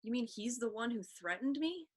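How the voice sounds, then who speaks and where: A woman's voice: a little high, expressive, moderate pace, pitched above the performer's own voice. A woman reading the part of a stout, jumpy teenage boy who stammers when scared, in a storybook reading. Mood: puzzled.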